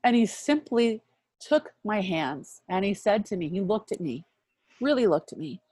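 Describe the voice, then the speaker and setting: A woman in her fifties sharing a personal faith testimony as an interview guest, earnest and reflective, often dropping to a hushed voice. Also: mid-range voice, very animated, moderate pace, breathy edge, dry recording. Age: 50s.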